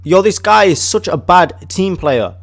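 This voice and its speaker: An English man giving excitable casual commentary while playing a game, shouting at his teammate. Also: high voice, measured pace, gravelly, no room sound. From England. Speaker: gaming video host.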